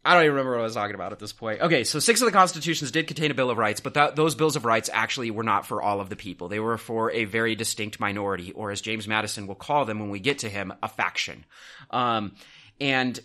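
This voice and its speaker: A man hosting a history podcast, talking casually in an animated, sarcastic way. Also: fairly low pitch, quick pace.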